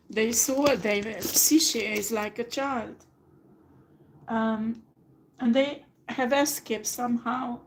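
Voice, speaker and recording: A woman's voice: a little high, a little mellow, a little hiss or hum, low-quality recording. A woman giving a tarot reading, speaking emphatically and directly to the person she reads for, now and then swearing. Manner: emphatic, talks straight to the viewer, swears. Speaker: tarot reader.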